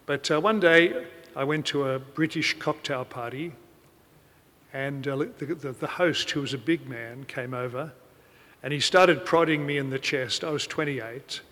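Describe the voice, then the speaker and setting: A man's voice: mid-range voice, unhurried, fairly bright tone, big-room sound. A middle-aged man preaching a sermon, telling stories and quoting the people in them. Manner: storytelling, quoting people in anecdotes.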